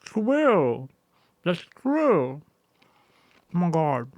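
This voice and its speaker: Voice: mid-range voice, very animated, drawn-out words, darkish tone, no room sound. A streamer chatting casually on a live stream, musing aloud, reacting to viewers and reading along with what is shown.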